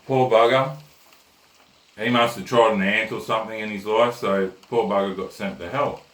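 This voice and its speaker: A man with a lowish, slightly bright voice hosts a comic rant, telling jokes in a blunt, crude, conversational manner. The mic sits at a distance, giving the recording a roomy echo.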